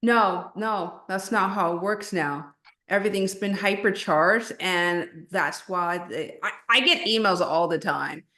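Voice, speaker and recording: A woman's voice: fairly low pitch, measured pace, pushed and bright. A woman who is a coach and a podcast guest, talking frankly and emphatically with slang and restarts. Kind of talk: casual podcast conversation. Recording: echoey room.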